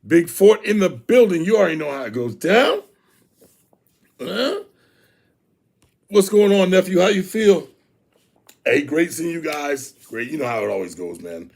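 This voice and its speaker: A man with a lowish voice hosts a youth sports show, chatting casually on a live stream. He's animated, repeats phrases and shouts out viewers by name.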